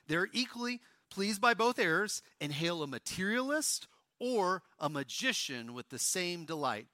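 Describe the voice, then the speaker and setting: A high, bright-toned male pastor from Oklahoma delivering a sermon on stage. He is animated, rising loud and dropping to a hush. The sound is close and dry, with no room echo. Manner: animated, swings from loud to hushed.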